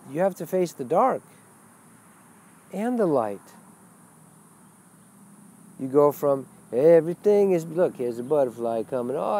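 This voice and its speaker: A man speaking as a spiritual teacher in a webcast monologue, blunt and animated, swearing freely. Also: mid-range voice.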